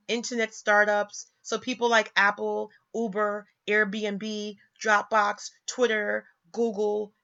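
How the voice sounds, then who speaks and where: A woman vlogger talking casually about money and careers, emphatic and now and then sarcastic, swooping up in pitch to stress a point. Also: a bit bright, dull audio. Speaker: vlogger teaching personal finance. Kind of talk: casual talk reading from websites.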